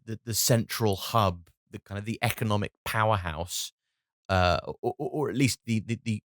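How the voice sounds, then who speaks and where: Casting: low-voiced British comic, rambling sweary monologue, dry close sound. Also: male voice, no echo. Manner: rambling and sweary, lots of restarts. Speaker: comedian and podcast host. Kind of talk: comedic solo podcast monologue.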